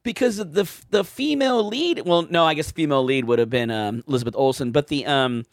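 A man co-hosting a casual podcast, animated and quick to laugh. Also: on the high side, no echo, studio quality. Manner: animated, laughing, swings into mock voices. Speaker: podcast co-host.

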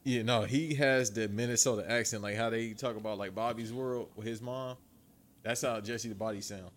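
A man's voice: medium pitch, steady tone, normal speed. A man co-hosting a casual chat, joking around in slangy banter.

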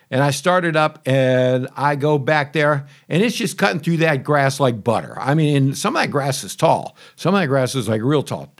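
A man telling a casual, rambling story to camera about testing a new mower, chatty and full of asides and grumbles. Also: on the high side. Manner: chatty, conversational, self-interrupting. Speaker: homeowner reviewing a lawn mower.

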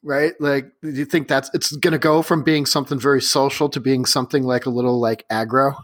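A man's voice: medium pitch, fairly even intonation, fast talker. A man co-hosting a podcast, chiming in with playful jokes and questions in casual chat. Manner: playful, joking interjections and questions. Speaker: podcast co-host.

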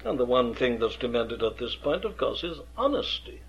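A man's voice: mid-range voice, sing-song, moderate pace. A man, an experienced preacher lecturing earnestly on how to preach, with emphatic rhetorical questions. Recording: dull lo-fi archive recording.

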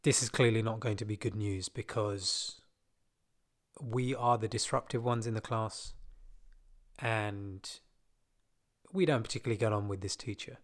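A man casually telling a personal story from his school days, with relaxed, self-deprecating asides. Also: lowish voice, unhurried, pauses often.

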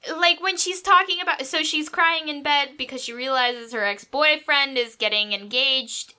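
A woman's voice: high voice, moderate pace, sharp tone. A young woman in casual chat, gushing emotionally and laughing often as she talks.

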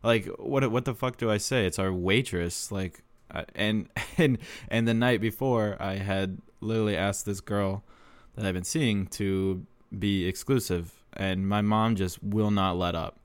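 A man's voice: lowish voice, fairly even intonation, a little slow, clear, resonant tone, no room sound. A young man telling rambling, profane stories in a casual monologue, laughing often. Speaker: show promoter telling stories.

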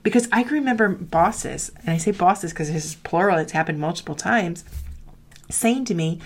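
A middle-aged woman who coaches marketing students gives a heartfelt, candid motivational talk, confessional in tone and full of "like." Her voice is fairly low with lively intonation at normal speed, and she acts out quoted voices.

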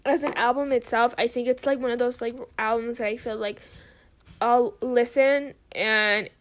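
A woman's voice: a little high, fairly even intonation, moderate pace. A young woman co-hosting a casual chat, rambling and emphatic, swearing freely. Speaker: co-host.

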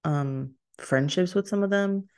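A woman's voice: on the low side, measured pace, darkish tone, clear, resonant tone. A young woman from Texas, hosting her solo podcast in a rambling, chatty way, often laughing and breaking off mid-sentence. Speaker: podcast host. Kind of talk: casual solo podcast chat.

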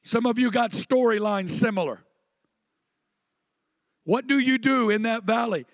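A man with a high voice preaching to a congregation in a church sanctuary. He talks it through conversationally and prompts the room to answer back. His voice rings with a long hall reverb, though the mic itself sounds close and dry. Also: unhurried. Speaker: pastor. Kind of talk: sermon.

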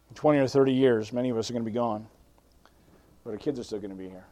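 A man's voice: mid-range voice, fast. A man preaching a sermon as pastor, pleading and fervent, quoting scripture, with frequent restarts and fillers. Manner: pleading, swings from hushed to loud fervent preaching.

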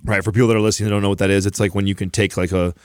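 A man's voice: on the low side, little pitch movement, rapid-fire, no room sound, studio quality. A man co-hosting a fitness podcast, chatting casually and telling stories, acting out the voices of people he quotes. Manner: storytelling, acts out quoted voices. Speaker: podcast co-host. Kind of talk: casual chat.

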